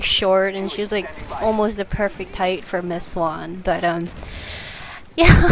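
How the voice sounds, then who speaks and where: A young woman chatting casually over gameplay, telling work stories and giggling often. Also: mid-range voice. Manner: giggly, laughs through her stories. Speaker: gaming video commentator. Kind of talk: casual gameplay commentary storytelling.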